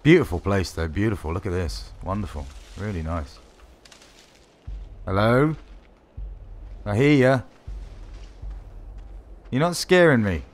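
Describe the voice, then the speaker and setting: A man giving wry, sarcastic let's-play commentary while playing a horror game, swearing often and yelling when startled. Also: fairly low pitch, big pitch swings, normal speed, long pauses. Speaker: gaming video host.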